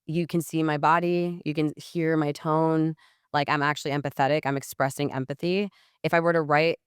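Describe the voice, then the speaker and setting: A woman's voice: deep voice, moderate pace, clean tone, no echo, clean studio sound. A woman talking as a guest on a podcast interview. She is blunt, swears freely and says "like" a lot. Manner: acts out messages in lively quoted voices. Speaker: podcast guest, sales coach. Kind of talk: casual podcast interview talk.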